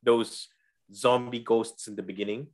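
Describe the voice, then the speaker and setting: A man's voice: mid-range voice, steady tone, moderate pace, a little mellow. Enthusiastic man in casual chat. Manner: enthusiastic, acts out quotes. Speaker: podcast co-host.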